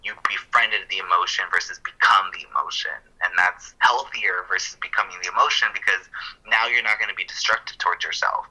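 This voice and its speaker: A man co-hosting a podcast, explaining counseling ideas in a casual, thoughtful way, working through his points with fillers and quick self-corrections. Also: low-pitched, fairly even intonation, sharp tone, low-quality recording.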